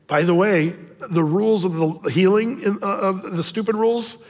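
A man's voice: high-pitched, moderate pace. A man preaching a sermon, telling Bible stories with humor and acting out the people in them. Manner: animated storytelling, acts out voices. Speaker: pastor. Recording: reverberant hall.

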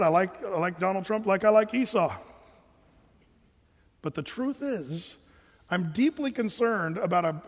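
A man's voice: sits high, in a large hall. A man pastor giving a sermon, talking conversationally and animatedly, mimicking what his listeners say. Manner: conversational, animated preaching with mock voices of listeners.

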